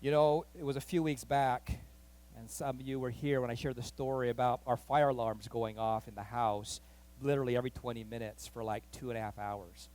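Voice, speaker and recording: A man pastor telling a story in a sermon, animated and acting out the voices of the people in it. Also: medium pitch, fairly quick. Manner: animated, acts out quoted voices, rising excitement. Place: church.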